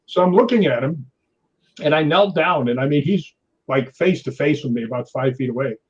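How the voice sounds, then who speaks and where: A man with a slightly high, husky voice tells an animated story as a guest on a talk show. He keeps checking in with his listener as he goes. The recording sounds dull and lo-fi. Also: brisk. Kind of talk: telling a story in a chat show.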